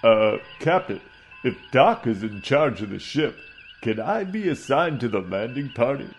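A man voicing a dry, sarcastic male helmsman with a deadpan, wry delivery in a comedy audio parody. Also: mid-range voice, unhurried, dull audio, faint music behind, voice pushed down.

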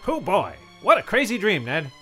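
A man's voice: high-pitched, huge pitch swings, sharp tone, husky, faint music behind, full character voice. A man playing a gleeful, miserly rich tycoon in a comic radio play. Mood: cheery. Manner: gleeful, chirpy, quick to laugh. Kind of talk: comedy radio-play acting.

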